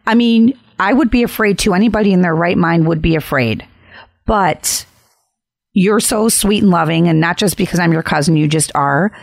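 A woman's voice: on the low side, normal speed, vocal fry, no echo, studio quality. A woman hosting a podcast in casual chat, chatty and reassuring. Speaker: podcast host.

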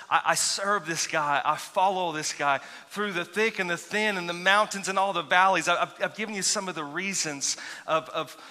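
Pastor, male, high and ringing voice, chatty storyteller, large reverberant sanctuary. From grew up near Seminole. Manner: animated, chatty, self-teasing with many restarts. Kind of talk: sermon storytelling. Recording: long reverb of a large hall.

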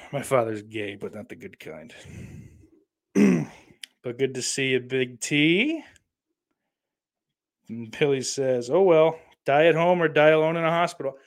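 A man's voice: mid-range voice, lively intonation, measured pace, long pauses. Profane rambling male streamer. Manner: profane, rambling, swings from ranting to subdued. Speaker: streamer host. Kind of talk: casual live-stream commentary.

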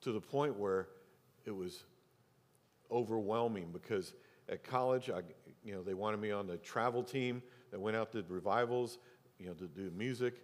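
In a church sanctuary with a reverberant hall sound, a middle-aged pastor preaches at normal speed in a lowish voice. Telling a personal story, he voices the people in it and sinks almost to a whisper to stress key points.

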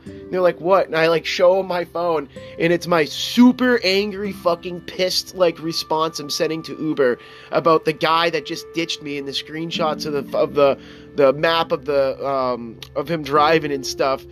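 A young man casually telling an animated, profane anecdote, acting out quoted lines as he goes. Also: on the high side, moderate pace, soft background music.

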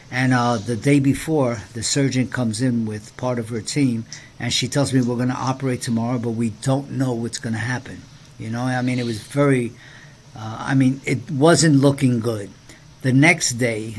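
A man's voice: mid-range voice, slight background noise. A man co-hosting a faith podcast and preacher, giving an earnest personal testimony in casual conversation, with many restarts.

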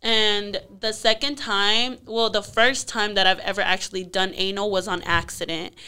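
A woman on a chat podcast telling a long story in crude, profane, animated language. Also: mid-range voice, moderate pace, clean tone. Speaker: podcast guest.

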